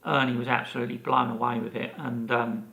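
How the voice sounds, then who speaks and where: Talking a little fast with a creaky, mid-range voice, the man co-hosts a podcast and is in his fifties. He delivers a lively anecdote casually, dramatizing the quoted people.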